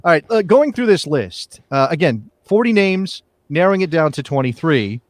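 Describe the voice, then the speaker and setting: A man's voice: fairly high pitch, big pitch swings, normal speed, no echo. A man hosting a live soccer show, chatting and joking, often trailing off and restarting. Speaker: podcast host. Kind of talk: casual sports chat.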